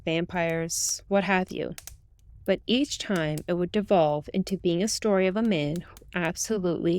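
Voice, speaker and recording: A woman reading a true ghost story aloud in the first person, with calm, steady storytelling. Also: fairly low pitch, clear, resonant tone, no echo. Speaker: narrator. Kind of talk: scripted ghost story narration.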